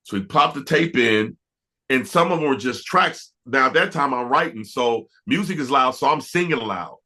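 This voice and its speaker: A middle-aged man, an R&B producer, telling stories in a casual interview, animated and stumbling over restarts. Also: mid-range voice, normal speed. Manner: animated, laughing storyteller with many restarts.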